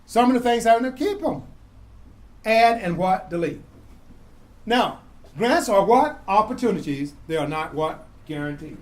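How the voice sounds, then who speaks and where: A man's voice: sits high, lively intonation, measured pace, poor audio. A man teaching a grant-writing class, quizzing students with call-and-response questions and repeating key words. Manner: asks the class "what?" and answers himself, repeats key words. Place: community classroom.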